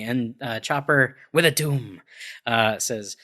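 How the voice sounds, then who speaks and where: A man's voice: medium pitch, measured pace, sharp tone. A man co-hosting a podcast, recapping a comic in a wry, filler-heavy way. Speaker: podcast co-host.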